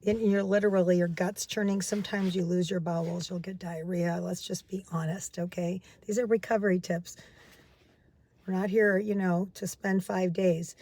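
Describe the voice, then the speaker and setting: A woman's voice: lowish voice, flat delivery, moderate pace, warm tone. A middle-aged woman, a recovery coach, giving casual, earnest advice and repeating key phrases for emphasis.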